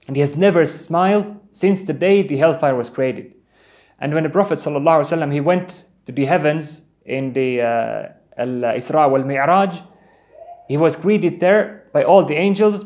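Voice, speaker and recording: A man's voice: fairly high pitch, a little mellow. An earnest male preacher delivers a sermon in a voice that sits a little above the usual male range. He tells vivid, pleading stories and breaks into Arabic Quran recitation. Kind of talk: Islamic sermon.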